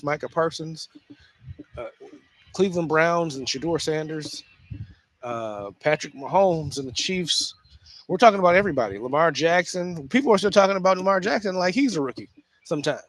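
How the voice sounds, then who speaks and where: A man with a slightly higher voice hosts a casual football talk show. He talks in an animated way, restarts sentences and repeats himself as he works through a point. The recording sounds dry and close, with no room around it. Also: moderate pace, no echo. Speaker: sports talk host. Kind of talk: casual solo sports commentary.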